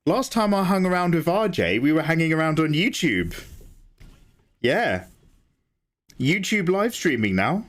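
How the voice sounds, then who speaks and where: A man chatting casually with viewers while he draws on a livestream, getting excited, swearing freely and thanking people by name. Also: on the high side, unhurried, pauses often. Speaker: livestreaming artist.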